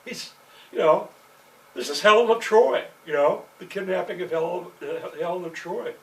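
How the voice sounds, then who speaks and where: A man's voice: sits high, moderate pace, gravelly. A man telling a long personal story in a meandering, profane way, with constant "you know" fillers. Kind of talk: rambling personal storytelling monologue. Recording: distant mic with faint background noise.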